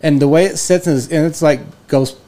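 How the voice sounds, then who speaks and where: A man in his forties telling a long rambling story on a podcast in a casual, animated way, full of restarts. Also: fairly high pitch, brisk. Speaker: podcast host.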